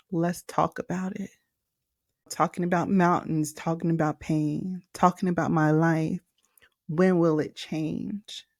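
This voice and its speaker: Slow, low-voiced woman telling a personal story. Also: no room sound, studio quality. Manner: emotional, animated retelling, addresses listeners as y'all. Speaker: podcast host and trauma coach.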